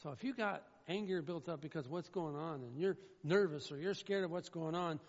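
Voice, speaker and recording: A high-pitched man with a gravelly edge delivers an earnest sermon, driving points home by repeating them. His voice carries through a church hall with a long echo. The sound is muffled and dull. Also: a little fast, few pauses. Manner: earnest, repetitive, emphatic preaching. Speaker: pastor. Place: church sanctuary.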